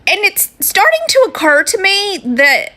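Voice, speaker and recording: Woman, high bright voice, animated casual vlogger, swears freely. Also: a little slow. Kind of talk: casual vlog monologue.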